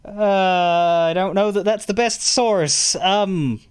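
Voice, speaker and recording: A man's voice: sits high, slow pace, clean tone. A man streaming a game, chatting casually in a rambling way, stammering and chuckling as he talks to his chat.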